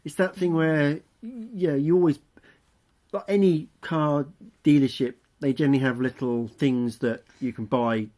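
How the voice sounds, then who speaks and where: A man co-hosting a casual vlog, agreeable and quick with affirmations. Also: on the high side, dark tone. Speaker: vlog co-host. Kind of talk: casual chat.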